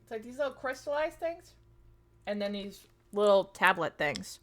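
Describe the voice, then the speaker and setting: A woman's voice: mid-range voice, very animated, normal speed, a bit bright. A woman in her thirties chatting casually to her live-stream audience, rambling with plenty of fillers. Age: 30s.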